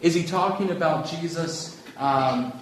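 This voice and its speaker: A man's voice: on the high side, unhurried, a little hiss or hum. A man teaching a Bible lesson, earnest and emphatic, reading scripture aloud with feeling. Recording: echoey room with faint ambience.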